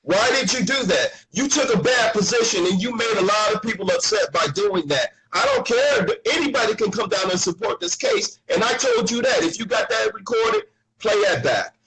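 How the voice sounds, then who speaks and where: A man's voice: high voice, expressive, normal speed, fairly bright tone, rough recording. A man in a heated argument, insistent, repeating his questions and talking over the other man.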